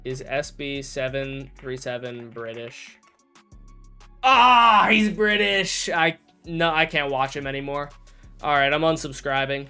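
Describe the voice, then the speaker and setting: A man's voice: mid-range voice, level tone, moderate pace, sharp tone, clear, resonant tone, faint music behind. A man streaming a game and chatting casually, rambling and correcting himself as he talks, with jokey mock outrage. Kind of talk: casual livestream chat while gaming.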